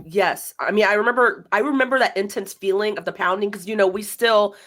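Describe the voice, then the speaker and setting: A woman's voice: medium pitch, fairly quick. A young woman hosting a podcast, telling a personal story in conversation and acting out the dialogue. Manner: animated, acts out quoted dialogue. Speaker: podcast host.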